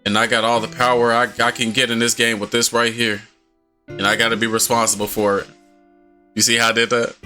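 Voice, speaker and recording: A man's voice: mid-range voice, level tone, fairly quick, bright, forceful tone, soft background music. A man giving profane, slang-filled, joking commentary while playing a visual novel game. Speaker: gaming video host. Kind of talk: comedic let's-play commentary.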